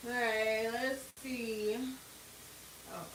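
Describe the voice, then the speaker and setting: A woman's voice: fairly high pitch, steady tone, extremely slow. A woman chatting casually with lots of fillers while she cooks in a home kitchen. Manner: chatty, rambling with many fillers. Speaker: cooking vlogger. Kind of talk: casual cook-along chat. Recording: echoey kitchen with cooking noise. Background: frying sizzle and kitchen clatter.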